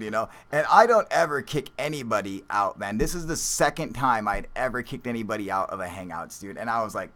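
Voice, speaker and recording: A man with a fairly low voice hosts a live stream in a loose, unscripted way. He reads out viewer comments, rambles through his thoughts, and swears freely, often breaking into laughter. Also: a little fast, few pauses, pushed and bright.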